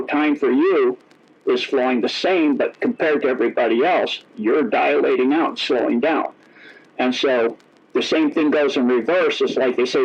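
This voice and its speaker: A middle-aged man telling stories as an interview guest, rambling and correcting himself as he goes. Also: a little high. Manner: rambling, self-correcting, acts out quoted dialogue. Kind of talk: casual storytelling. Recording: dull lo-fi audio.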